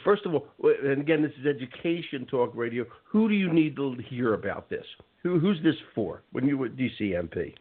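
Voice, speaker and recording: A man hosting a casual radio talk show, chatty and rambling, spelling out web addresses slowly. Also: mid-range voice, expressive. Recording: phone-like narrow band.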